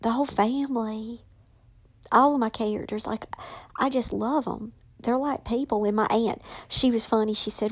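A woman's voice: a little high, steady tone, measured pace. Emotional woman author, whispering at times. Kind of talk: casual personal vlog.

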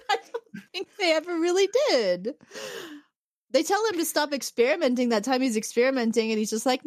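A woman with a high voice co-hosts a podcast, recorded in a clean studio with no room sound, speaking at a moderate pace. In casual chat she recaps a TV episode with animated storytelling, acting out characters' quotes and laughing often.

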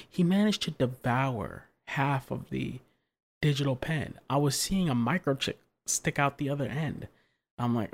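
Co-host, mid-range voice, animated exasperated storytelling in casual chat. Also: medium pitch, normal speed. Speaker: podcast co-host.

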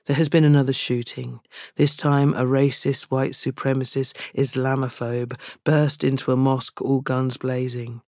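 A man performing confessional spoken-word poetry in a slow, even, intimate delivery. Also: mid-range voice, no room sound, clean studio sound.

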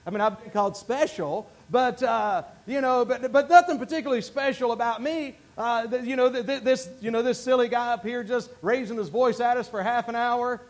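A male pastor with a Southern drawl delivers a folksy, self-mocking sermon from a church pulpit. His voice sits unusually high, and he stumbles and restarts often. He sounds animated and down to earth. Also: a little fast, few pauses. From North Carolina. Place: church sanctuary.

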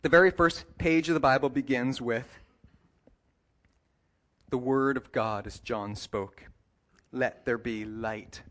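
A man preaching a sermon as pastor, talking in a relaxed, conversational way with light jokes and quick self-corrections, and slowing down to read scripture deliberately. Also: mid-range voice. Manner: reads scripture passages slowly and deliberately.

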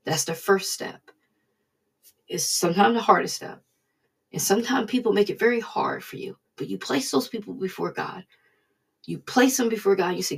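A woman giving an informal devotional talk in an earnest, preaching manner, sometimes dropping to a soft hush. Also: mid-range voice, lively intonation, moderate pace, gravelly, husky. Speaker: devotional speaker.

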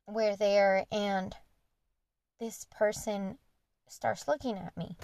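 A woman's voice: lowish voice, gravelly, darkish tone, dry recording. A young woman hosting a podcast, candidly retelling a personal story in an earnest, conversational monologue. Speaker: podcast host.

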